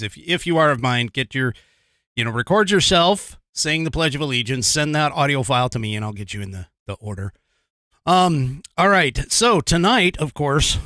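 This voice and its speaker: A man's voice: medium pitch, a bit bright, dry recording, clean studio sound. A man hosting a livestream podcast, talking casually and rambling, with lots of fillers and frequent chuckles. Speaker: podcast host.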